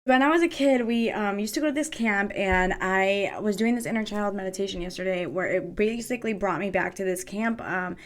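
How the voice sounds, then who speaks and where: A podcast host woman with an average, middle pitch tells stories in an excitable rush and drops the odd swear word. She talks casually over a video call. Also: fairly quick, few pauses. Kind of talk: casual interview chat.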